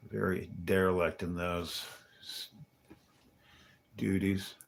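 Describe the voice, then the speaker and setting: Low gravelly man, grumbling livestream monologue. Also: little pitch movement, slow. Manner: wry, grumbling, muttering asides with chuckles. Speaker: livestreaming vlogger. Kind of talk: rambling casual livestream monologue. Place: hotel.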